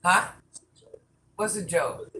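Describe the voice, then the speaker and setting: A man rambles through a casual live stream, answering viewer comments and chatting with people off camera in a folksy way. His voice is high-pitched and sharp, his pace slow, with a little hiss or hum in the audio.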